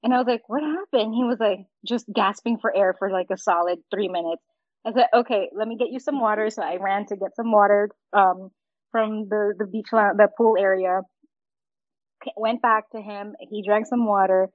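A woman's voice: medium pitch, steady tone, normal speed, no room sound, highs cut off. A woman co-hosting a casual podcast, telling a story with frequent laughs and acting out the lines she quotes.

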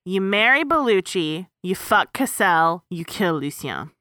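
A woman co-hosting a podcast in casual chat, lively and precise, explaining things with careful corrections. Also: lowish voice, a little slow, dry recording. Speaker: podcast co-host.

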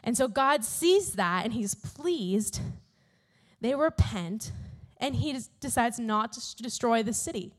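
Young woman, high voice, chatty, animated Bible story lesson, casual filler words. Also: measured pace. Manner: animated, chatty, fills talk with "like" and "literally". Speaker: youth Bible teacher.

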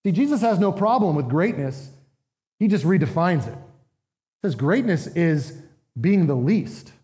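Emphatic preaching man, high voice. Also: very animated, a little slow, mellow, long reverb tail. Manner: earnest, emphatic preaching with rhetorical questions. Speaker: pastor. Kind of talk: sermon.

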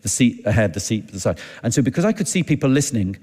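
A man preaching, telling a personal story in a chatty, halting way and acting out the dialogue. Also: medium pitch, very animated, warm tone, slightly rough. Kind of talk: anecdotal sermon storytelling. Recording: long hall reverb.

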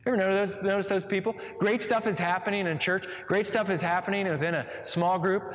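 Animated male preacher in a reverberant hall. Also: high-pitched, a little fast. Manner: animated, conversational preaching with rhetorical questions. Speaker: pastor. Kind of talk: sermon.

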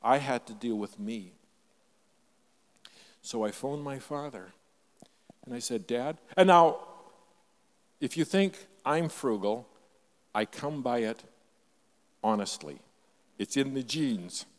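An older man from Canada preaching a sermon, telling a personal story with emphatic shifts between loud and soft delivery. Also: medium pitch, lively intonation, slow, pauses often, long reverb tail. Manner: storytelling, emphatic, varies loudness widely. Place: church.

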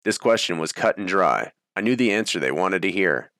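Male memoir narrator: steady, even delivery, lower register, close dry recording. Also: moderate pace, no echo. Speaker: audiobook narrator. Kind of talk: first-person memoir narration.

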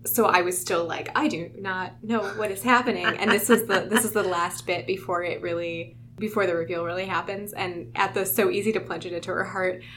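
Expressive woman retelling a story. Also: fairly low pitch, a little fast, hardly any pauses, slight background noise. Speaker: podcast co-host. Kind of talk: casual book discussion.

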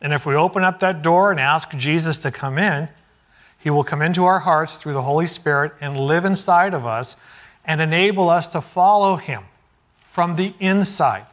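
Brief: middle-aged male preacher, slightly higher voice, storytelling sermon delivery with acted-out quotes. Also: normal speed, fairly bright tone. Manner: storytelling, acts out quoted dialogue. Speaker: pastor.

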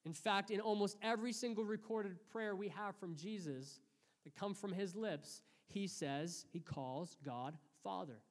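A man in his thirties preaching a sermon, praying and telling stories earnestly, with lively acted-out quotes. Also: high-pitched, unhurried. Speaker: pastor. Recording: hall reverb.

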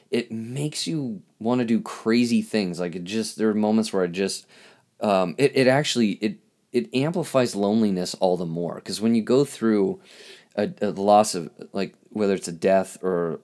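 A man hosting a podcast, speaking in a halting, reflective monologue with lots of restarts, and openly emotional. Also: lowish voice, darkish tone. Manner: halting, searching for words, emotional. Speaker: podcast host.

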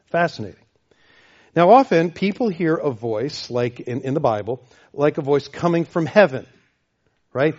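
A man preaching a sermon as pastor, emphatic, repeating phrases and swinging between loud and soft. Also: medium pitch, lo-fi sound. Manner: emphatic, repeats phrases, varies loudness widely.

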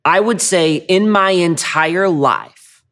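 A pastor delivers a sermon in a casual, talky manner, his voice sitting a little higher than most men's. He often restarts phrases and repeats a word before pushing on. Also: slow, a bit bright. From Michigan. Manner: conversational, repeats words when starting phrases.

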